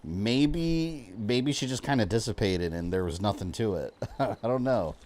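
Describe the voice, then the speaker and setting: A man plays a video game live and talks to his viewers the whole time, in a relaxed, rambling way full of fillers. He laughs easily and drifts between topics. His voice sits fairly low. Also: unhurried. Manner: rambling, chatty, laughs often, lots of fillers. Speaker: gaming streamer. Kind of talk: casual live-stream commentary.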